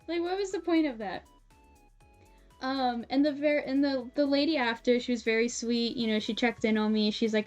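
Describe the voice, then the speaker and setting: A young woman streamer casually telling a story while sewing, animated and laughing often, with many fillers. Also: high voice, normal speed. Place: home streaming setup. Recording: soft music behind.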